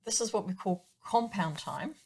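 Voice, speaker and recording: A woman's voice: medium pitch, moderate pace, darkish tone, a little hiss or hum. A woman piano teacher patiently explaining time signatures and counting beats aloud in a chatty way. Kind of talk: explaining music theory in a lesson.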